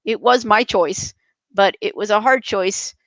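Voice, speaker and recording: A woman's voice: medium pitch, measured pace, fairly bright tone, dry recording, poor audio. A young adult woman speaking passionately and emphatically as a podcast guest, with frequent restarts. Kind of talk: casual interview chat.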